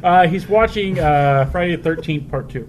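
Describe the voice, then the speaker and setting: A man co-hosting a podcast, telling a long joke in a drawn-out way and acting out the lines. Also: on the high side. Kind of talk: casual chat. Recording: background noise in a game store.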